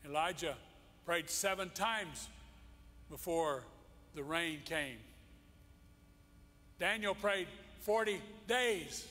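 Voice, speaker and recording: Slow and forceful, this male pastor preaches with a bright, higher voice and frequent pauses. His sermon is impassioned and emphatic, with key phrases repeated, echoing with long reverb through the church sanctuary.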